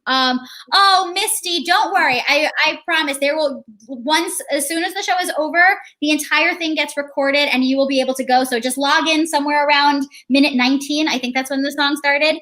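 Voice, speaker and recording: Woman, host, high voice, gushing, rambling, casual livestream chat. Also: fairly even intonation, moderate pace, few pauses, pushed and bright. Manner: gushing, rambling with many fillers.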